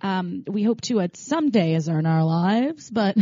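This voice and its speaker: A woman's voice: medium pitch, animated, measured pace, warm tone, breathy edge, dry recording, lo-fi sound. A woman co-hosting a podcast, chatting casually with lots of fillers and restarts. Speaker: podcast co-host.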